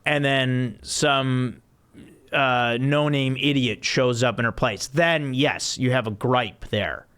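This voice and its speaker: Host, male, clear smooth voice, rambling anecdotes, casual podcast chat. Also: mid-range voice, slow pace, a bit bright. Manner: rambling storyteller with many restarts and laughs.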